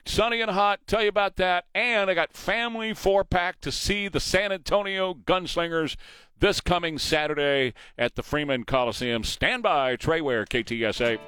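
A man's voice: fairly high pitch, expressive, moderate pace, sharp tone, clean tone, no room sound. A man hosting a morning talk radio show, opinionated and mocking.

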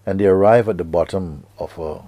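A man giving a spiritual talk to students, slow and hushed with sudden emphatic rises, and slightly non-native grammar. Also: low-pitched, no room sound. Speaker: spiritual teacher.

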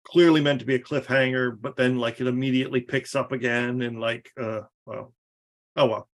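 A man's voice: mid-range voice, steady tone, a little fast. A man co-hosting a podcast in casual chat, easygoing and agreeable, often laughing along. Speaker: podcast co-host.

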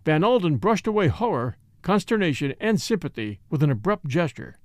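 A man narrating a classic mystery novel in an audiobook, measured and expressive. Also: a little high, no room sound. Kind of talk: scripted narration.

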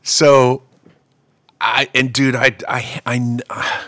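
A man, a comedian, telling a story in casual chat, animated and swinging between loud outbursts and low mutters. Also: drawn-out words, no room sound.

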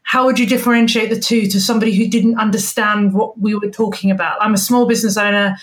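A woman's voice: mid-range voice, steady tone, fast. A woman hosting a podcast who chats and asks questions, stumbling over words now and then. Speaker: podcast host. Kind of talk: casual interview chat.

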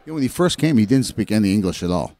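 A man's voice: lowish voice, racing, no room sound. A middle-aged man, a former hockey player, telling locker-room stories in casual chat and acting out the voices he quotes. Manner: animated storyteller, acts out quoted voices.

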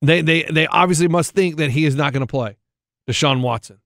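A man co-hosting a podcast, trading casual sports talk and reading listener notes aloud. His voice sits fairly high and is recorded close and dry, with no room sound. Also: brisk, a bit bright, no room sound. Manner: reads listener messages aloud. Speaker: podcast co-host.

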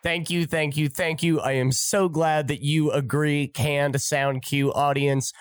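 A man's voice: on the high side, fairly even intonation, unhurried, smooth. A man hosting a podcast, delivering a sarcastic, flippant, profane comedic monologue. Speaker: podcast host.

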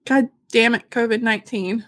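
A woman's voice: fairly high pitch, steady tone, normal speed, no echo, studio quality. A woman co-hosting a podcast in casual chat, reading out a news story and getting emotional and giggly about it. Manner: warm, emotional and giggly, tears up easily. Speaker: podcast co-host.

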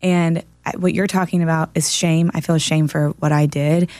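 A woman's voice: low voice, flat delivery, normal speed, darkish tone, no room sound. A woman chatting on a podcast, telling a story in an earnest, explaining way. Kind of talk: casual chat.

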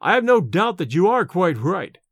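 A man's voice: high-pitched, very animated, moderate pace, dry recording, clean studio sound, exaggerated voice. A man reading an audiobook and voicing a shaken, secretive male scholar who speaks in a faltering, breathless way. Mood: evasive. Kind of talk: audiobook character voice.

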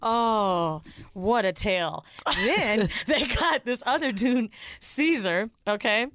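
A woman co-hosting a podcast, telling a long reality-show story in a profane, animated, casual way. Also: fairly high pitch, slow, slight background noise. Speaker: podcast co-host.

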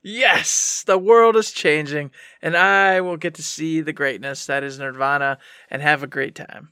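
A man co-hosting a podcast, chatting casually and telling an excited, rambling story. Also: on the high side, normal speed, smooth, dry recording, clean studio sound. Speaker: podcast co-host. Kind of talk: casual chat.

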